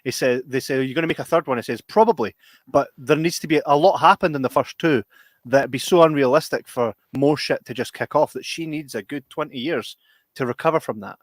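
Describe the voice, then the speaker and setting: Scottish guy hosting a podcast, swears a lot, gets really animated, mid pitch, dry close mic. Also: brisk, no room sound. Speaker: podcast host. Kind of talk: casual chat.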